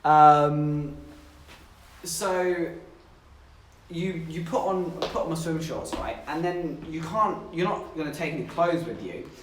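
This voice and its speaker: A man's voice: on the high side, slow pace, recorded from a distance, a little hiss or hum. Chatty young man from southern England. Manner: chatty, giggly storytelling, talks to chat. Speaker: streamer. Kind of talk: casual livestream chat. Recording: echoey room, voice a bit off-mic.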